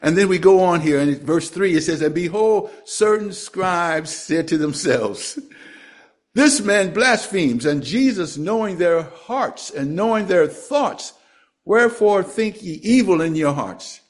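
A man delivering a sermon, reading scripture in a fairly high voice. He speaks slowly and deliberately and lets his pitch sink at the close of each phrase. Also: lively intonation. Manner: slow, deliberate, drops pitch at phrase ends. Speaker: preacher.

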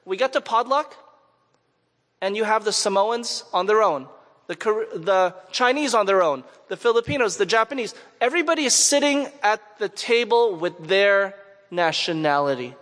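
A man from Montreal preaches in a relaxed, storytelling way and often turns to his listeners with questions. He, and his voice sits notably high for a man. The sound carries a long echo from a large hall. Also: moderate pace. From Canada, Montreal. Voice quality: conversational, asks the audience questions. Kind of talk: sermon with personal storytelling.

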